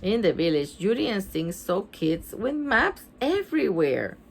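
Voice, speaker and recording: Slow, animated woman reading a storybook. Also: medium pitch, a little hiss or hum. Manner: laughing asides between passages. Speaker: storybook reader. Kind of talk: reading a children's book aloud.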